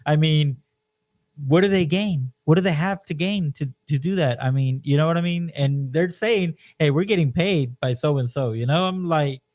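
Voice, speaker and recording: Man, podcast co-host, slightly high voice, animated, emphatic, casual chat. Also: moderate pace. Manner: animated, emphatic storytelling, frequent "you know".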